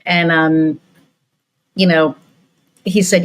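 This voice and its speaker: Low-voiced woman telling stories in a ramble. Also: unhurried, rough recording. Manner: rambling storytelling with many fillers and restarts. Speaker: podcast host. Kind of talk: casual interview chat.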